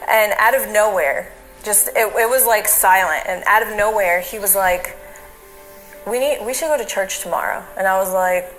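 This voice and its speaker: Woman in an interview, conversational storytelling, mid-pitched, soft music behind. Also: normal speed, rough recording. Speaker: interviewee, wife.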